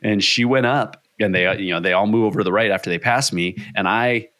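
A man, a podcast guest, telling a race story in casual chat with excited energy and free swearing. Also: on the low side, fairly quick, dry recording.

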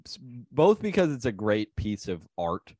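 A man's voice: mid-range voice, big pitch swings, measured pace, darkish tone, no echo, studio quality. A man hosting a podcast, chatting loosely and rambling with lots of fillers. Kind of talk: casual chat.

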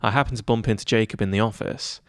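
A young man in his twenties talking in a relaxed interview, chatty and self-deprecating with lots of fillers. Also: lowish voice, fast, creaky, no room sound, studio quality. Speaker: head of news at student radio. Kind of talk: casual interview chat.

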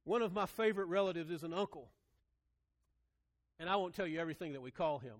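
A man's voice: on the high side, fast talker. A middle-aged man, preaching a sermon as a pastor, earnest and folksy with repeated rhetorical phrases.

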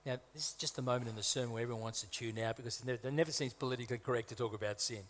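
A man's voice: medium pitch, steady tone, rapid-fire, a bit bright. A man from Malta preaches as a guest speaker, his sermon conversational and broken up with humorous asides. He leans on emphatic repetition to drive points home, in a mid-range voice. The sound carries a long reverb from a large church hall.

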